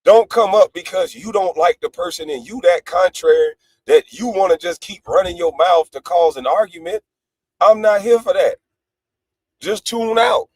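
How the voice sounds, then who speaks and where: Brash high-voiced man ranting into a dry mic. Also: dry recording, rough recording. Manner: brash, profane, swings between loud outbursts and low laughing asides. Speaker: panelist on a live stream. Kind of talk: heated livestream rant.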